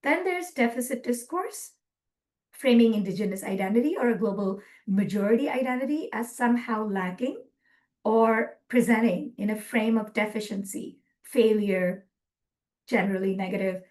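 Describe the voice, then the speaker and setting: A woman presenting a webinar lecture from slides, earnest and measured, with frequent ums. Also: medium pitch, a little mellow.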